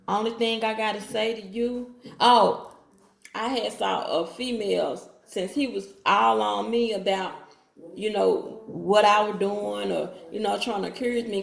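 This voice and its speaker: Gravelly woman telling a personal story. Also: mid-range voice. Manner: talks straight to viewers with Southern-style slang, quotes others in her own voice. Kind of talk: casual storytime monologue. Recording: echoey room.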